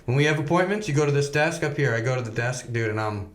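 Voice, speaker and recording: A man telling a rambling, profane personal story in casual chat, animated, often laughing. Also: medium pitch, fast talker, crowd noise. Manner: swears a lot, animated anecdotes, laughs while telling. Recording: echoey room.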